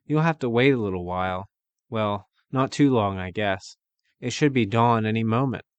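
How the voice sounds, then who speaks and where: A man voicing a brash young woman who talks loud, sassy and colloquial. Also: fairly low pitch, normal speed, smooth, dry recording, pitched above the performer's own voice, close to an everyday voice.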